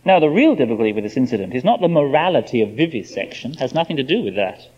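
A man's voice: mid-range voice, very animated, fast talker, a little mellow. A man preaching a sermon, explaining a scripture passage in an emphatic, expository way. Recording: dull lo-fi sermon recording.

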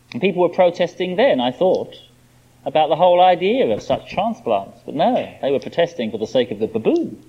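With a somewhat high voice and animated, lively intonation, a male preacher works through an expository sermon, pressing his points with emphasis. The sound quality is dull and lo-fi.

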